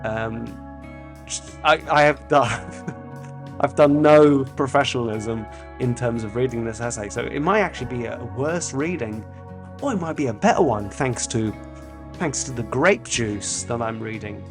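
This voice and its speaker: A man's voice: medium pitch, lively intonation, a little slow, music in the background. A man from France hosting a podcast, rambling and self-mocking, swearing freely between stretches of reading an essay aloud. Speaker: podcast host.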